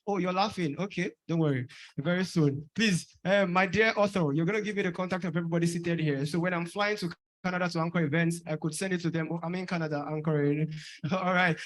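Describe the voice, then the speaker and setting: A man's voice: sits high, fairly bright tone. A man from Nigeria, emceeing a book launch, joking and self-promoting before leading a closing prayer. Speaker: master of ceremonies. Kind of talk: event hosting and closing prayer.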